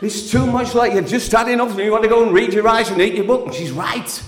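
A man's voice: high voice, fast talker. A man performing a frank spoken-word story with a wry, emotionally swinging delivery. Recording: echoey hall.

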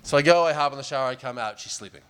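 A man's voice: mid-range voice, very fast, a bit bright, clean tone. A man doing stand-up comedy, telling a long story in a rambling, wry way with many fillers.

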